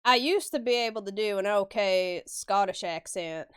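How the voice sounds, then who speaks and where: Casual female streamer, smooth clear voice, laughs and swears freely. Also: medium pitch, normal speed, a bit bright. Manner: chatty, swears casually, laughs often, answers chat. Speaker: live-stream artist. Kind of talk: casual stream chat while drawing.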